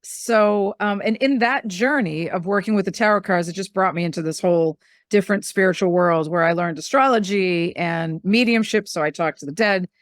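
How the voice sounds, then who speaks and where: A middle-aged woman, a medium and spiritual teacher, telling stories in a casual, animated way and acting out the voices she quotes. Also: mid-range voice, moderate pace, no room sound, clean studio sound. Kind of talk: casual storytelling conversation.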